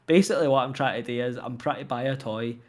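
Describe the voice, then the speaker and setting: A man's voice: medium pitch, fast. A Scottish man co-hosting a podcast, telling stories in casual chat and repeating words as he goes. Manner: storytelling, laughs easily, repeats words. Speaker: podcast co-host.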